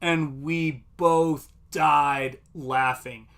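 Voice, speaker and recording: A middle-aged man, a comic artist, chatting on a livestream and telling animated stories. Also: on the high side, drawn-out words, gravelly. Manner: animated storytelling, acts out quotes. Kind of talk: casual livestream chat.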